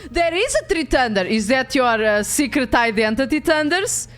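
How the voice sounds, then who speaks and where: A young woman with a Portuguese accent, chatting casually on a game stream, animated, swearing freely and often restarting her sentences. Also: high-pitched, moderate pace, faint music behind.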